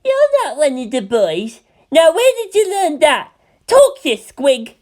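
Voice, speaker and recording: A woman voicing a bossy little girl who leads a gang of children, shrill and commanding. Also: animated, takes it slowly, full character voice. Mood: indignant.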